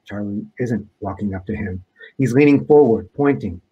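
A man, an author, reading aloud from his own book in a measured, deliberate way. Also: lowish voice, slightly rough, dull audio.

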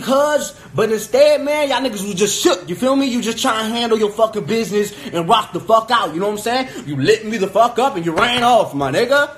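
Man, high voice, taunting profane street talk, phone livestream, faint background noise. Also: fairly bright tone. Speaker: livestreamer calling out rivals. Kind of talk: angry livestream rant.

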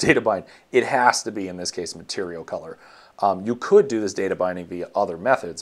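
A man walking through his code in a casual screencast, thinking aloud with many ums and self-corrections. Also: deep voice. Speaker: web developer teaching. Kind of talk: casual screencast coding walkthrough.

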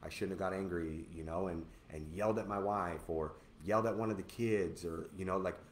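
A man with a low voice preaches with earnest, animated energy. He reads scripture and explains it to the listeners. The recording has a roomy echo and a faint hiss. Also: a little fast. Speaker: co-host of a church teaching show. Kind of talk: preaching Bible teaching. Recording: echoey room with faint noise.

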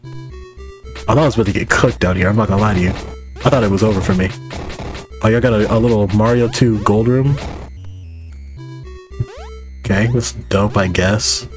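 A man's voice: fairly low pitch, moderate pace, pauses often, soft background music. A young man giving casual, joking commentary as he plays a game and chats to his viewers. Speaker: gaming YouTuber.

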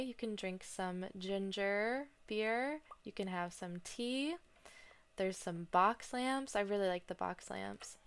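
A woman's voice: mid-range voice, smooth. Chatty woman playing a farming game. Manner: chatty, excitable, dramatic groans. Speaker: gaming streamer. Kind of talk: casual gameplay commentary. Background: soft game music.

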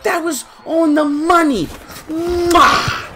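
A young man giving excited live commentary on his own football video game match, swinging between muttering to himself and loud shouting. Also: very high-pitched, takes it slowly. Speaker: gaming streamer.

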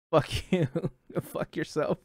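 A young man streaming reactions, talking in an excitable, rambling way and laughing between thoughts. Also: a little high, slightly rough, no room sound, clean studio sound. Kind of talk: casual reaction commentary.

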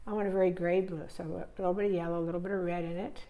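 A woman teaching painting, relaxed and thinking aloud step by step as she paints. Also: lowish voice, racing, narrow, tinny audio. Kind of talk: narrating a live painting demonstration.

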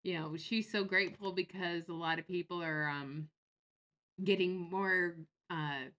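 Chatty sarcastic woman, low bright voice. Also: fairly even intonation, a little slow. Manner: chatty and sarcastic, laughs often. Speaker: YouTuber reacting on a livestream. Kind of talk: casual livestream commentary.

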